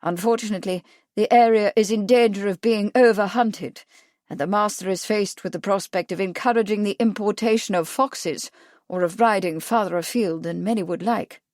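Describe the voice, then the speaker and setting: A woman reading the lines of a genial, wealthy gentleman fond of hunting. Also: medium pitch, normal speed, dry recording, studio quality, lightly acted. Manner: genial, objecting politely.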